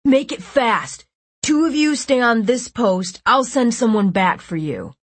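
A woman's voice: a little high, expressive, unhurried, slightly rough, dry recording, pitched above the performer's own voice, full character voice. A woman doing a bossy teen boy gang leader. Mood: commanding. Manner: barking short orders.

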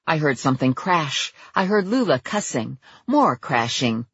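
A woman narrating a first-person audiobook in a lively, expressive way. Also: deep voice, a little slow, slightly rough, no echo, dull audio.

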